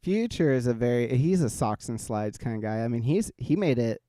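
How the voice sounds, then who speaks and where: A man's voice: mid-range voice, animated, moderate pace, dark tone. A man hosting a casual talk show, rambling with lots of fillers and laughing often. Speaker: podcast host. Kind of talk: casual chat.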